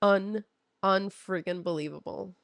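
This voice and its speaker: A woman's voice: medium pitch, fairly even intonation, unhurried, creaky, background noise. A woman commenting on a story she just played, incredulous and emphatic, repeating phrases for effect. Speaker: host reacting to a story.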